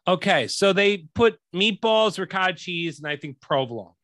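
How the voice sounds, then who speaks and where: A man's voice: sits high, lively intonation, normal speed, fairly bright tone, dry recording. A man hosting a podcast, telling a long story as a profane, exasperated rant in a casual way. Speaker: podcast host.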